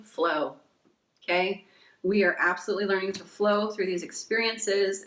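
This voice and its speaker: A woman's voice: lowish voice, roomy sound. Effusive woman giving a tarot reading. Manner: effusive and emotional, swears casually; reads oracle card messages aloud. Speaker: tarot card reader. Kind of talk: casual pick-a-card tarot reading.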